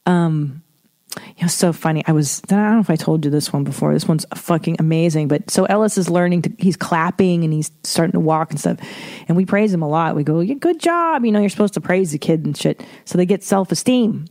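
A woman's voice: low-pitched, brisk, warm tone. A woman in her thirties hosting a podcast alone, talking in a frank, profane, self-deprecating and rambling way. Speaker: podcast host. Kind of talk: casual solo podcast monologue.

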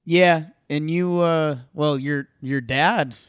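A man's voice: a little high, steady tone, slow, clear, resonant tone, no room sound, clean studio sound. A man co-hosting a casual sports podcast, easygoing and upbeat, often restarting his sentences. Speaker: podcast co-host.

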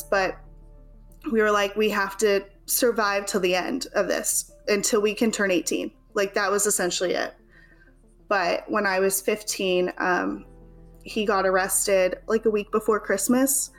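A young woman speaks as an interview guest. Her delivery is casual and halting, full of fillers as she tells her story. Faint music plays quietly underneath. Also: medium pitch. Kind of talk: personal storytelling in conversation.

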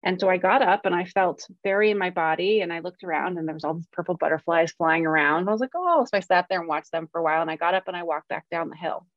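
On a podcast she co-hosts, this woman talks frankly and reflectively about her career as a screenwriter in an easygoing conversation. Her voice sits lowish, with fairly even intonation, and she moves at a quick pace with few pauses. Earnest, self-examining, and sometimes openly emotional, she is captured on dull, dry lo-fi audio without echo.

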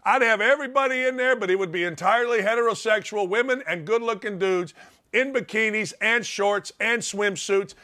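A man's voice: high-pitched, brisk. A man hosting a radio show, delivering an opinionated monologue with lots of stammering restarts and repeated phrases. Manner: repetitive, excitable, stammering restarts. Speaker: talk radio host.

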